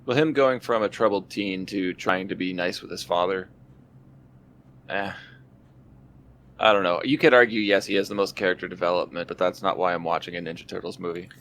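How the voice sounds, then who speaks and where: Low-voiced man reading out movie stats. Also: fairly even intonation, fairly quick, fairly bright tone. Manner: matter-of-fact, reads out facts and figures. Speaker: podcast co-host. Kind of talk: casual movie review chat.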